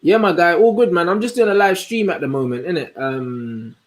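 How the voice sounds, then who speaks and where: A young man, hosting a casual livestream and chatting in an animated, slangy way as he answers comments. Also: sits high. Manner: slangy, animated, answers chat with quick asides. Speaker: host.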